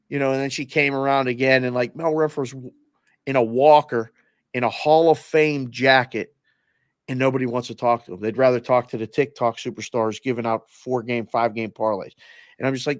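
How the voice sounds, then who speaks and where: A man's voice: mid-range voice, normal speed, clear, resonant tone, no echo, studio quality. A man, a former oddsmaker, chatting casually as a guest and telling stories animatedly. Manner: animated storyteller, acts out the people he quotes. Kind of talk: casual sports-betting chat.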